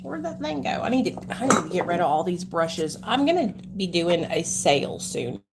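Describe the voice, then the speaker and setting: A woman's voice: on the low side, sing-song, moderate pace, noisy background. A young woman with an Arkansas country accent, chatting casually with viewers on a livestream, folksy and talkative. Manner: chatty, folksy, calls viewers honey and y'all. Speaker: livestream host.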